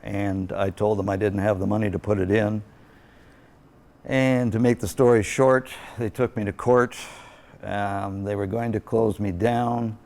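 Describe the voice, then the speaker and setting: A man's voice: on the low side, flat delivery, measured pace, darkish tone. A middle-aged man who owns a small-town movie theater, talking plainly and folksily in an interview. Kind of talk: casual interview.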